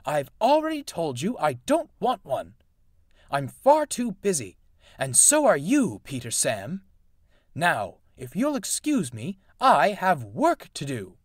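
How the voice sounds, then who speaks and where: A man's voice: fairly high pitch, very animated, measured pace, breathy edge, dry recording, studio quality, exaggerated voice. A man doing a crabby old engine. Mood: snappish. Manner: curt, grumpy, later apologetic. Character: crabby old male narrow-gauge engine.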